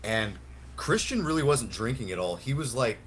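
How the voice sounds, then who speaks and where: A man's voice: medium pitch, big pitch swings, moderate pace, slight background noise. A young man on a podcast telling a long, rambling anecdote with plenty of swearing and laughter. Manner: rambling, profane, laughs often. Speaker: podcast co-host. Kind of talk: casual storytelling chat.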